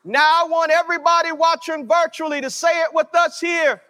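Really high bright preacher guy, slow drawn-out sermon, big hall echo in a church. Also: steady tone. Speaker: pastor.

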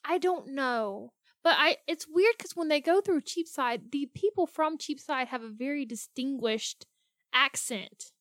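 A woman's voice: high-pitched, expressive, a little slow, fairly bright tone, dry recording, studio quality. A woman co-hosting a podcast, chatting playfully about a film and laughing easily. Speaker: podcast co-host. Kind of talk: casual movie-recap chat.

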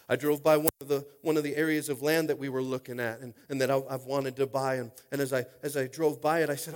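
A man preaching a sermon as a pastor, informal and jokey, dropping to quiet talk and then rising to shouting. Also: level tone, fast talker, few pauses. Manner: swings from quiet, low talk to loud shouting; informal, jokey, with repeated "are you with me?".

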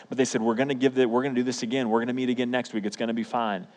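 Conversational young pastor in a reverberant hall. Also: male voice, medium pitch, flat delivery, rapid-fire, hardly any pauses, a little mellow. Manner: storytelling, conversational, emphatic. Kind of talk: sermon.

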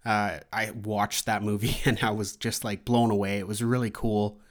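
A man's voice: on the low side, little pitch movement, moderate pace. A man hosting a movie podcast, chatting casually on his own in a rambling, loose way, with lots of fillers and restarts. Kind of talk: casual solo chat.

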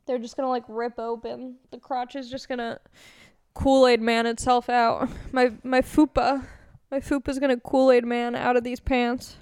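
A woman's voice: fairly high pitch, flat delivery, normal speed, a little mellow, clean tone, no room sound, studio quality. A young woman from California hosting a podcast, chatting casually and crudely in a rambling way with lots of fillers. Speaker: podcast host. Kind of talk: casual chat answering questions.

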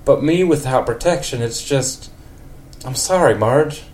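A man's voice: mid-range voice, measured pace, a little mellow, voice pushed up, close to an everyday voice. A man voicing an earnest man in a put-on country accent, speaking in a reassuring drawl. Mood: upset. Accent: put-on rural American.

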